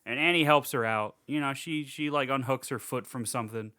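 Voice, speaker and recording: A man co-hosting a podcast, rambling casually through a movie recap, laughing and throwing in quick character voices. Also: medium pitch, pushed and bright, no room sound, studio quality. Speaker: podcast co-host.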